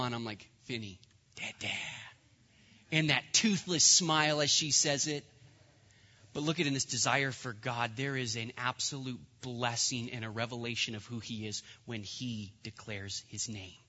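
A man's voice: mid-range voice, bright, forceful tone. A young man preaching a sermon as pastor, earnest and rising to emphatic peaks. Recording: dull sound with long hall reverb.

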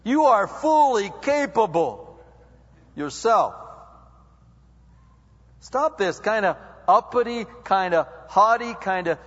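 A man's voice: high-pitched, lively intonation, slow, long pauses. A male pastor preaching a sermon. He asks the congregation question after question and builds his intensity as he goes. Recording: dull sound with long hall reverb.

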